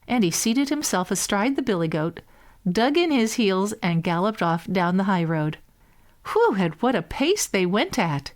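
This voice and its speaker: A woman reading a fairy tale aloud as a bedtime story, in a measured, gentle way. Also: medium pitch, very animated.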